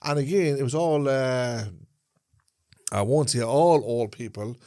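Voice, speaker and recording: A man with an Irish Traveller accent, co-hosting a casual podcast chat and often pausing to search for words. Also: mid-range voice, warm tone, no room sound, clean studio sound. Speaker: podcast co-host.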